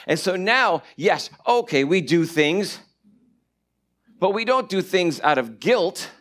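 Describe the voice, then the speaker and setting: A man preaching a sermon and teaching from the Bible, animated, swinging between loud stretches and hushed asides. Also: high voice, slow pace. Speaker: pastor.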